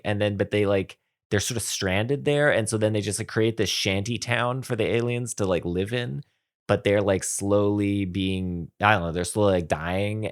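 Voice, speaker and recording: A man co-hosting a podcast in casual chat, often pausing and restarting his sentences. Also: on the low side, smooth. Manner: halting, lots of ums and restarts. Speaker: podcast co-host.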